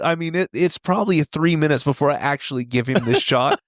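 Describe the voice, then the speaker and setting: A man in his forties, a podcast guest telling rodeo stories in a casual, animated way, laughing often and acting out the voices of the people in them. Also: on the high side, brisk, few pauses, dry recording, studio quality. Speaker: podcast guest, retired steer wrestler. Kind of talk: casual storytelling.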